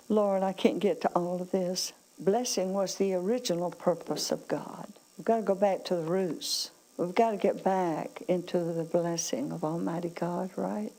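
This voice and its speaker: A woman's voice: fairly low pitch, vocal fry, dark tone, poor audio. A woman preaching a sermon, calling on the congregation for amens and reading scripture aloud with emphasis. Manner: calls out to the congregation, asks for amens.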